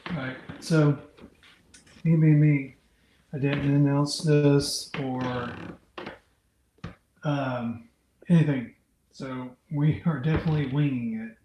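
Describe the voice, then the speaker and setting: A man's voice: medium pitch, steady tone, slow, pauses often, mellow, echoey room, slight background noise, rough recording. A man hosting an unscripted livestream, chatting casually and reading out viewers' comments as he rambles. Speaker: livestream host. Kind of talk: unscripted live chat with viewers.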